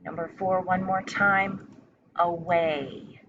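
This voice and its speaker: A woman teacher slowly dictating a spelling test, repeating each word and sentence with care. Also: mid-range voice, fairly bright tone, recorded from a distance, muffled recording, slight background noise. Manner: slow, careful dictation with repeated words.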